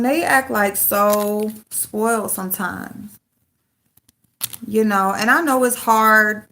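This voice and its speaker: A woman's voice: medium pitch, fairly bright tone. A middle-aged woman venting in casual livestream chat, frank and loose, swearing freely as she talks to viewers. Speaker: livestream host.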